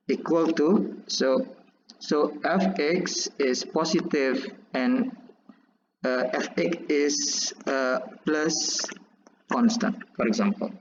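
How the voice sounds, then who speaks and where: A man teaching calculus while drawing graphs, halting and restarting often as he explains. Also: fairly high pitch, slight background noise. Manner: halting, many restarts and fillers. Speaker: math teacher. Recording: echoey, dull lo-fi recording.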